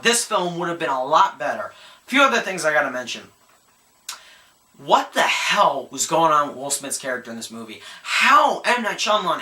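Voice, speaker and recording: A man's voice: high voice, sharp tone. A young man reviewing movies in an exasperated, emphatic rant, often stumbling over and repeating words. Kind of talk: ranting film review. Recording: roomy echo.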